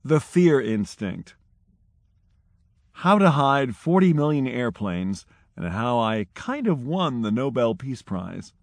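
A man reads an audiobook chapter in a measured, dramatic way. His voice sits at an ordinary middle pitch. The recording is dry and close, with no room sound. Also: very animated, no echo. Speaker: audiobook narrator. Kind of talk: scripted narration.

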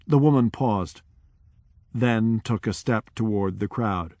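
A man who is a researcher, telling a story from his fieldwork in measured, deliberate narration. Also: fairly low pitch, no echo. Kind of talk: storytelling talk.

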